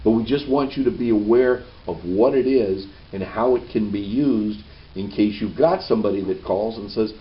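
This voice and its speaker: A man's voice: fairly low pitch, moderate pace, far from the mic. A man giving a training presentation in a meeting room, folksy and checking in with "okay" after each point. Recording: dull lo-fi camera audio with faint hiss.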